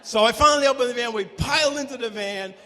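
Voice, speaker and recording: A man telling a true story live on stage, animated and breaking into shouts at the tense moments. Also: extremely high pitch, fast, a little hiss or hum. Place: stage before a live audience. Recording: long hall reverb from a live venue.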